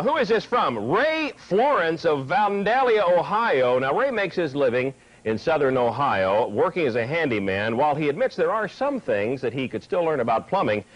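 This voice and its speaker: A man's voice: a little high, lo-fi sound. A man hosting a parody talk show in a hammy, folksy way, stumbling over his words.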